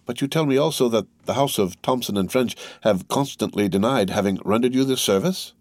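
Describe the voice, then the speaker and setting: A man's voice: mid-range voice, fairly quick, darkish tone, no room sound, studio quality, pitched above the performer's own voice, lightly acted. A man reading the part of a grave, mysterious count in an audiobook, earnest and restrained. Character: grave, mysterious nobleman count, middle-aged.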